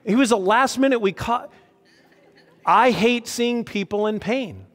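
A man preaching a sermon as a pastor, earnest and emotional, with lively emphasis. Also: extremely high pitch, measured pace. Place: church hall. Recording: long hall reverb.

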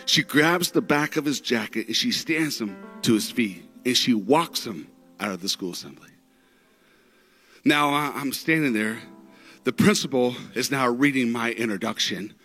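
A man preaching a sermon through stories, dramatic, with big swings in pitch and loudness. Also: moderate pace, faint music behind. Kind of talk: sermon storytelling.

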